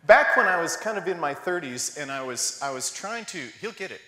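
A man with a somewhat high, very lively voice preaches in a church, wandering through a story and poking fun at himself. He acts out the lines of the people in his tale. A long reverb hangs on his words from the hall. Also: fairly quick, hardly any pauses, crowd noise. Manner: rambling, self-mocking, acts out quotes. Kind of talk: storytelling sermon.

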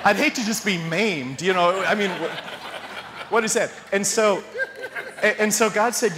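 A man's voice: high-pitched, unhurried, noisy background. A man telling a rambling, self-mocking story as a sermon, acting out the quotes in his story. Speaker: preacher. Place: church hall with audience. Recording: long hall reverb.

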